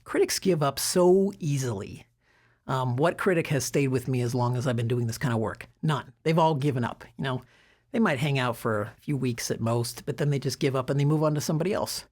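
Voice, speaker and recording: A middle-aged man with a husky voice, giving self-development advice in a relaxed, conversational way with frequent fillers and restarts. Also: mid-range voice, a little fast. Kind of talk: casual talk to camera.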